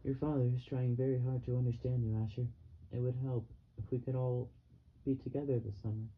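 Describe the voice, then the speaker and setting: A man reading the lines of a gentle mother pleading with her son in an audiobook. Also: mid-range voice, little pitch movement, fairly quick, close to an everyday voice. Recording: dull, slightly muffled with faint hiss.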